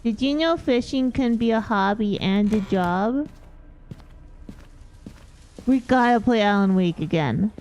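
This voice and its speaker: A young woman streaming a game, chatting casually and gushing with excitement, breaking into little squeals. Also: medium pitch, measured pace, pauses often. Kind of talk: casual gameplay chat.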